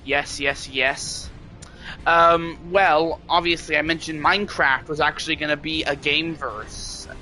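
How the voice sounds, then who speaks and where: A man's voice: fairly high pitch, fairly even intonation, measured pace, bright, forceful tone, soft background music. A man streaming a game, chatting casually to viewers in a rambling way and often restarting his sentences. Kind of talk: casual live-stream chat.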